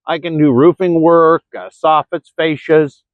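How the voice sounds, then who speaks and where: A man's voice: on the high side, fairly even intonation, measured pace, dry recording. A man in a rambling vlog monologue, stumbling over words and calling his listeners "folks.". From Florida. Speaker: vlogger. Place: early morning, indoors or near the camera. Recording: dry, dull lo-fi sound.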